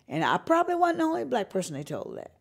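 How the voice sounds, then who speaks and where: Gravelly, lively older woman. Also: fairly high pitch, fast talker. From North Carolina. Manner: animated storyteller, acts out quoted voices, laughs often. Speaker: singer-songwriter guest. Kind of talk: storytelling interview.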